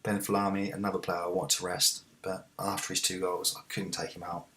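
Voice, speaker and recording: Man, deep voice, bright tone, let's-play commentary, excitable. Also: a little fast. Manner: excitable, shouts at big moments. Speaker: gaming video host.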